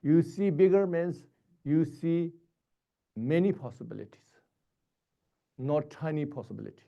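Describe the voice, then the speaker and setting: A man giving a Buddhist dharma teaching in short, halting, repetitive phrases. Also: fairly high pitch, creaky, muffled recording.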